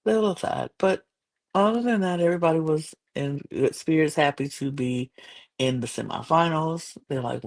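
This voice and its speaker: A woman recapping a show on her podcast in loose, casual chat. Her voice has a gravelly fry. She rambles, with frequent fillers and restarts. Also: deep voice, normal speed.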